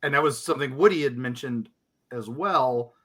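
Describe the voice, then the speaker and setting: A man's voice: medium pitch, normal speed, fairly bright tone. A man co-hosting a podcast, chatting casually and animatedly, acting out other people's reactions as he tells a story.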